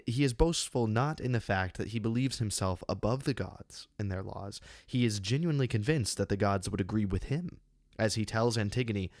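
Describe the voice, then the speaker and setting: A man reading his own essay on a classic play, measured and deliberate, with slow emphatic pauses, close to a studio microphone. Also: fairly low pitch, dry recording. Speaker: channel host giving a literary analysis.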